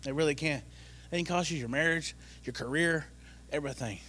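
A middle-aged man tells a lively personal testimony, repeating phrases for comic effect. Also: fairly high pitch, brisk. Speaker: church member giving testimony.

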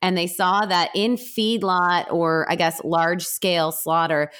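A woman hosts a relaxed interview, full of quick enthusiasm and easy laughter. Her voice sits a little low for a woman. She talks in a brisk, chatty way. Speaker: podcast host and author. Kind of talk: casual interview chat.

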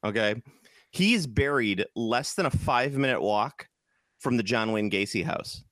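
A man's voice: mid-range voice, expressive, measured pace, fairly bright tone, no echo, clean studio sound. A man from Chicago co-hosting a casual podcast chat, rambling with lots of restarts and fillers. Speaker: podcast co-host.

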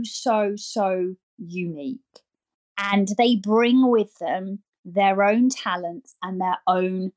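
Lively woman, fairly high voice. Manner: energetic and animated, acts out voices, repeats words for emphasis. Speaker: nursery founder and podcast guest. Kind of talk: casual interview chat.

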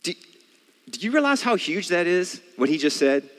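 An earnest male preacher delivers a sermon at normal speed, very animated, his pitch swinging widely as he works through a story. He keeps throwing rhetorical questions at listeners, and his voice carries a long, church-hall reverb.

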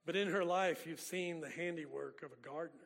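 A man's voice: fairly high pitch, a little fast, gravelly. A man, a pastor preaching a sermon with folksy storytelling. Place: church sanctuary. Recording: long reverb of a church hall.

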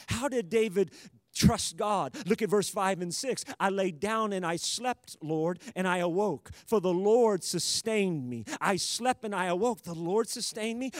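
A man with a high voice preaches a sermon with forceful emphasis. He builds to loud calls to the congregation. The sound is close and dry. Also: no echo. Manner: emphatic, rising to loud exhortation.

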